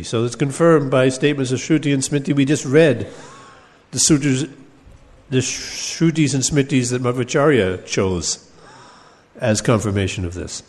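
A man giving a scripture class, explaining texts in a measured way and pausing over quoted verses. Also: medium pitch, darkish tone. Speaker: teacher of Vedanta scripture. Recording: long hall reverb.

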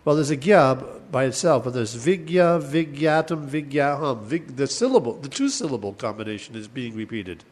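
A man teaching a class on verse, thinking aloud with many restarts and chanting lines slowly. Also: medium pitch, expressive, a little mellow. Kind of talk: class lecture on Sanskrit poetics.

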